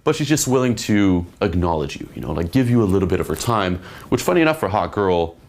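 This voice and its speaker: A man coaching on dating, explaining concepts emphatically and acting out women's replies in higher voices. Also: very animated, quick pace, a little mellow. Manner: emphatic, repeats "okay?". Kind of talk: instructional monologue.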